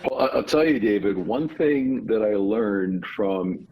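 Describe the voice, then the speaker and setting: A man, an author guest on an interview podcast, explaining his ideas in a measured, storytelling way. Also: lowish voice, lively intonation, lo-fi sound. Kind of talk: conversational interview.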